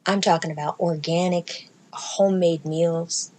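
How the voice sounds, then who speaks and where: A woman podcast host telling a comedic story in casual chat, profane and sassy, with animated delivery. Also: lowish voice, measured pace. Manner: profane, animated, sassy delivery with mocking baby-talk impressions.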